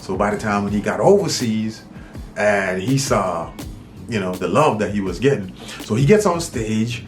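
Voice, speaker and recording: A man's voice: lowish voice, lively intonation, normal speed, soft background music. A man from St. Kitts, a rapper, telling a story in a laid-back, rambling, slangy way. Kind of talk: casual storytelling vlog.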